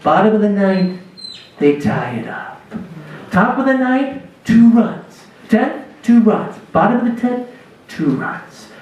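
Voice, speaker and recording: A male spirituality teacher speaks at an unhurried pace, his pitch rising and falling widely as he acts out a story from his own life. The sound comes from a church hall with heavy echo, recorded from some distance away. A faint room murmur sits underneath. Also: very animated, a little mellow, lo-fi sound, a little hiss or hum. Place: church hall at a dinner gathering. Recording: echoey hall recorded from far off.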